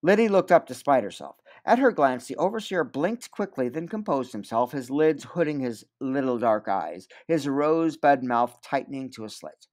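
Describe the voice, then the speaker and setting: Expressive man reading a novel aloud. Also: medium pitch, normal speed, hardly any pauses. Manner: expressive, varied delivery. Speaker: audiobook reader. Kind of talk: storybook read-aloud narration.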